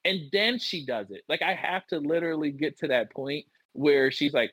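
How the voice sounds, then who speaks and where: A man's voice: on the high side, lively intonation, normal speed, a bit bright, husky, dry recording, poor audio. A young man co-hosting a podcast, telling stories in a rambling casual way and laughing often. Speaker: podcast co-host. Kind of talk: casual chat.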